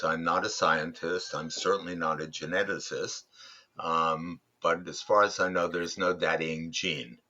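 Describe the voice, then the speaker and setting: A male podcast guest who leads fatherhood workshops, telling stories in a thoughtful, unhurried way with frequent ums and restarts. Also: low-pitched, sharp tone, dull audio. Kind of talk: reflective interview storytelling.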